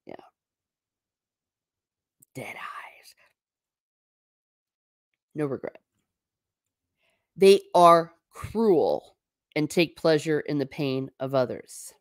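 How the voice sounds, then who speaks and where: A woman's voice: low-pitched, animated, takes it slowly, pauses often, no room sound, clean studio sound. A woman hosting a casual livestream, talking through a topic and answering viewer comments, sometimes slipping into a stern teacher tone. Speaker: livestream host.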